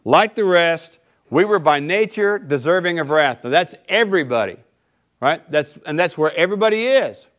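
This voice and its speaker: A man preaching a sermon in a relaxed, conversational way, often checking in with his listeners. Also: on the high side, normal speed. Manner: conversational, keeps asking "right?". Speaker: pastor.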